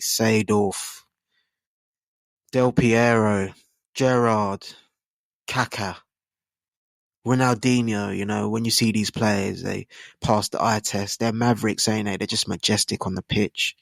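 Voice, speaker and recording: Young bloke, twenties, low gravelly voice, dry close sound, slangy rambling football chat. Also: male voice, no echo. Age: 20s. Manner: slangy, rambling, asks rhetorical tag questions. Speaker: football channel host. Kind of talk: casual football opinion monologue.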